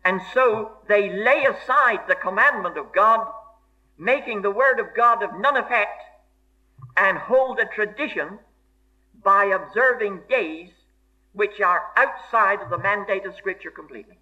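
A man's voice: sits high, unhurried, bright, forceful tone. A man preaching a sermon in an earnest, emphatic way, repeating key phrases for stress. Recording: dull lo-fi sermon recording.

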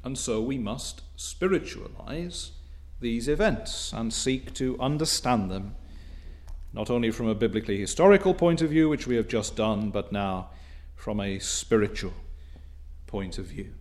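A man delivers a sermon in formal, old-fashioned language, speaking animatedly at a measured pace. He sinks into soft, low asides, then rises into stressed, emphatic phrases.

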